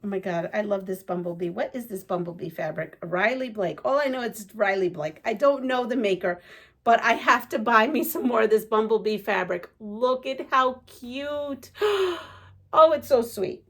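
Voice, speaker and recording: An excitable woman chats her way through a casual unboxing. Her voice sits at an ordinary middle pitch, and she rambles with plenty of ums and uhs. She gasps and giggles as she gushes. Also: fairly quick. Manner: rambling, many fillers. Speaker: quilting vlogger.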